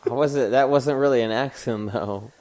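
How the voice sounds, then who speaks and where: A man's voice: medium pitch, normal speed, a little mellow. Giggly laid-back young man. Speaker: podcast co-host. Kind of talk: casual chat.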